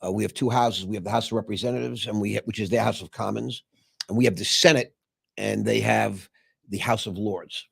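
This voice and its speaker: A man hosting a show, telling a personal story in a rambling way with many filler pauses. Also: fairly low pitch, fairly even intonation, gravelly, fairly bright tone, husky, no room sound, studio quality. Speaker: show host. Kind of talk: casual storytelling.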